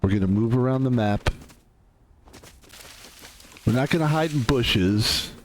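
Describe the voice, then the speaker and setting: A man's voice: mid-range voice, expressive, a little slow, slight background noise. A man streaming a game, rambling casually with jokes and laughs while he plays. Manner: rambling, laughing, joking asides. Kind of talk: casual gameplay commentary.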